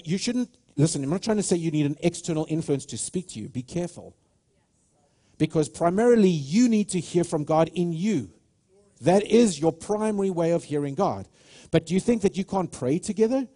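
A man's voice: high-pitched, mellow, breathy edge. A man preaching a sermon with passion, stressing his points and often restarting his sentences. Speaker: pastor.

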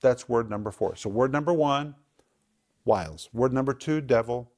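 A man teaching scripture on a program, emphatic, repeating words for stress and slowing down on key points. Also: medium pitch, lively intonation, a little mellow. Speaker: Bible teacher.

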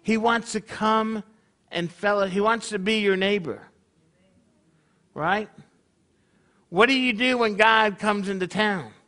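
High, bright-voiced male preacher. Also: slow, long pauses. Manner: conversational, peppered with rhetorical questions. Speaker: congregation leader. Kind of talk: sermon.

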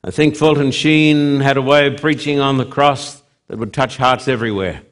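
A man preaching a sermon, swinging from loud emphasis to hushed drops, with slow, deliberate, repetitive phrasing. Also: mid-range voice, steady tone.

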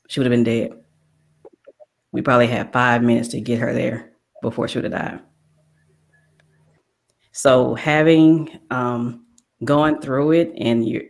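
A middle-aged woman co-host, speaking haltingly and emotionally with many restarts. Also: very deep voice. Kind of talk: talk show chat.

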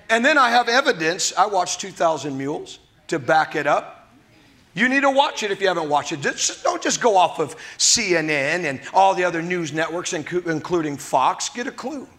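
A man preaching a sermon at a church service, emphatic and fiery, repeating words as he gets worked up. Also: a bit bright. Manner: fiery, emphatic preaching with sudden high bursts. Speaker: pastor.

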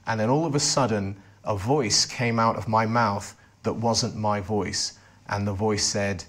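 A man's voice: on the low side, moderate pace, a bit bright. A man being interviewed, earnestly recounting a personal testimony and often restarting his sentences. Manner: earnest storytelling with frequent restarts. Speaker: interview guest.

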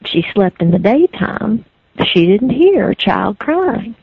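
A woman's voice: mid-range voice, very animated, slow, creaky, husky, no room sound. Folksy woman storyteller on a thin line. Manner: rhythmic, repetitive, folksy. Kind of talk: oral folk storytelling. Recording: dry, phone-like lo-fi recording.

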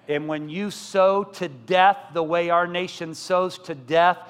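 A middle-aged man preaching a sermon as pastor, asking the congregation questions and building to loud, emphatic repetition. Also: high-pitched, steady tone, slow pace, clear, resonant tone. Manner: asks the congregation rhetorical questions. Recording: long church-hall reverb.

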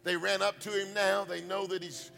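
A man preaching a sermon to a congregation, rising into chanted, shouted preaching. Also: high-pitched, little pitch movement, normal speed, gravelly, soft background music.

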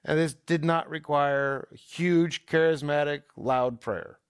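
A man with a gravelly, creaky edge to a mid-pitched voice tells a story on a talk show. He talks in eager, emphatic bursts and restarts his sentences, recorded dry and close. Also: fairly even intonation, slow, no echo. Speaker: co-host.

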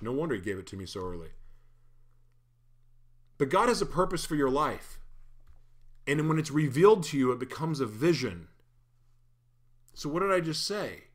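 A man delivers a sermon in an easygoing, conversational style, full of animated asides and playful tangents. His voice sits in a middle register. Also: mid-range voice. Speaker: pastor. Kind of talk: casual sermon.

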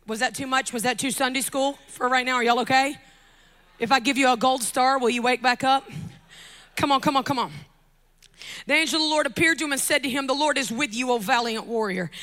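A woman preaching a lively sermon from a church pulpit, joking with the congregation, shouting at her peaks and dropping to soft, intimate tones. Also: high voice. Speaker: guest preacher.

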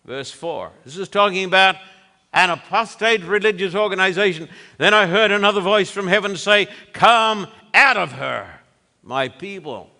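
A man preaching a sermon in an emphatic, deliberate way. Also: high voice, animated, creaky, bright, forceful tone, in a large hall.

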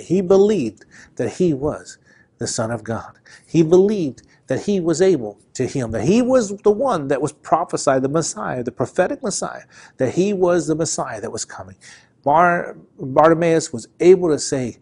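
A man's voice: fairly high pitch, lively intonation, moderate pace, darkish tone, slightly rough. A man preaching a sermon, impassioned and repetitive, surging and dropping in emphasis as he drives each point home. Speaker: pastor.

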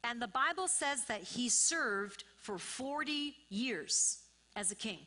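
A woman's voice: on the high side, expressive, takes it slowly, bright, forceful tone. A woman pastor preaching a sermon, repeating phrases and building to emphatic, rising bursts.

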